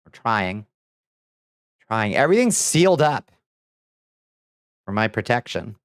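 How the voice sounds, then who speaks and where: A man's voice: fairly low pitch, big pitch swings, takes it slowly, dry recording, studio quality. A man streaming casually, playful and theatrical as he chats with viewers while mixing ingredients. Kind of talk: casual livestream chat.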